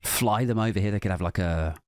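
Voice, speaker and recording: A man's voice: lowish voice, brisk, no echo, clean studio sound. A man giving a sardonic, sweary comedic political rant, mocking and sarcastic. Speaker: comedian host.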